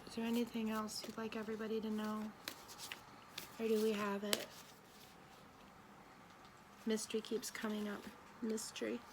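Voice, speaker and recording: A woman's voice: on the high side, completely flat delivery, moderate pace, pauses often, noisy background. A woman doing a tarot and spirit reading for an audience, talking bluntly and with emphasis, swearing now and then. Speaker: tarot reader.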